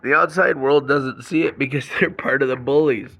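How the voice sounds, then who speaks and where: Gravelly, bright-toned man venting angrily. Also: mid-range voice, moderate pace. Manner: angry, raw venting with restarts and swearing. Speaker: vlogger. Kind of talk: emotional personal rant to camera.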